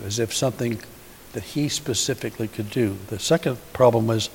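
A man's voice: medium pitch, moderate pace, creaky, darkish tone. A man giving a sermon as a pastor, asking the congregation many rhetorical questions in a conversational way. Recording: hissy recording in a reverberant hall.

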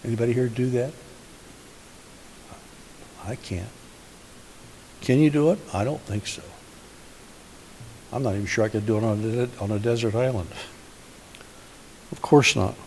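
A man's voice: medium pitch, normal speed, pauses often, a little mellow. Male pastor, conversational questioning sermon, long hall reverb, faint hiss. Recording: hissy recording in a reverberant hall.

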